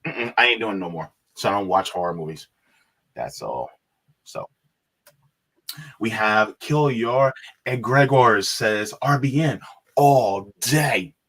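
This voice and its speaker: A man's voice: fairly low pitch, animated, slow pace, long pauses, fairly bright tone, breathy edge. A man co-hosting a live stream, greeting viewers and reading chat messages aloud with frequent laughs.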